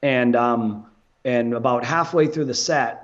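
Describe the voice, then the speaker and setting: On a podcast, a male guest tells a story in a casual, animated way, swearing and laughing along the way. His voice is medium in pitch and a little slow, and the recording sounds muffled.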